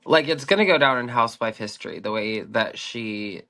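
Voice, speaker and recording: A woman's voice: very deep voice, expressive, normal speed, a bit bright. A woman co-hosting a podcast, chatting casually and emphatically about a reality show, stretching words for effect. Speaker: podcast co-host.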